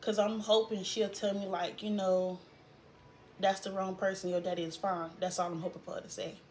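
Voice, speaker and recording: A young woman telling a painful personal story in a vlog, halting and trailing off as she fights tears. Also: mid-range voice, level tone, a little mellow, slight background noise. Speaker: vlogger.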